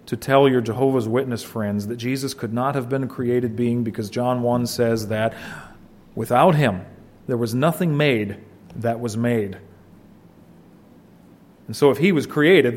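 Animated male preacher, loud then hushed. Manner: animated, swinging between loud emphasis and hushed low asides. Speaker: pastor. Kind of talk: expository sermon.

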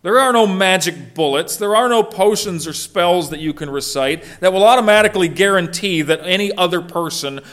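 A man's voice: high-pitched, brisk, hardly any pauses, a bit bright. A middle-aged man preaching a sermon as a pastor, speaking earnestly and asking the congregation rhetorical questions.

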